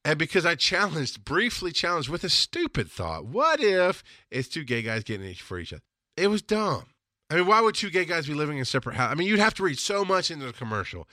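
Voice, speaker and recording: A man delivers a solo podcast monologue in a forceful, bright voice. His talk is blunt and full of swearing, and he often builds into a heated rant. The sound is close and dry. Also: on the high side, wildly swooping pitch, brisk, no room sound. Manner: blunt, profane, rising into heated rants. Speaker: podcast host.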